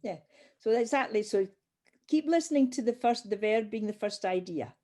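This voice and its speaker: A woman's voice: a little high, lively intonation, moderate pace, dark tone. A woman teaching a language class, patiently drilling pronunciation and calling on learners by name. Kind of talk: online group language class.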